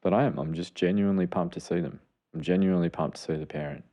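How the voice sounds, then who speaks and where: A man's voice: sits low, fairly even intonation, fast talker, mellow, lo-fi sound. A middle-aged man, a podcast co-host and clinician, explaining parenting steps in an earnest, enthusiastic way. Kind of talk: casual chat.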